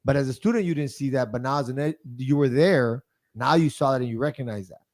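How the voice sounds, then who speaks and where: A man in his forties hosting a podcast, telling a story in lively, casual chat that often starts with "hey". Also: medium pitch, fast. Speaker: podcast host.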